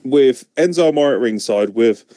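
A man's voice: mid-range voice, animated, normal speed, mellow, no room sound. A man co-hosting a casual review podcast, ranting sarcastically and swearing freely. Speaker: podcast co-host. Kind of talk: casual wrestling review chat.

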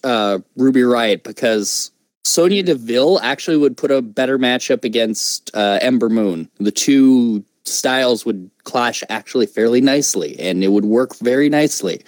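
Measured man in casual podcast chat. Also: medium pitch, lively intonation, dry recording. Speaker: podcast co-host.

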